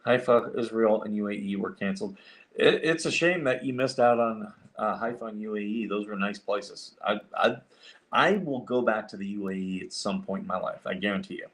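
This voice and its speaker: A man's voice: fairly low pitch, normal speed, a bit bright. A man hosting a casual chat show, telling a rambling story with lots of fillers and restarts. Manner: rambling, many fillers and restarts, acts out quoted voices. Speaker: show host.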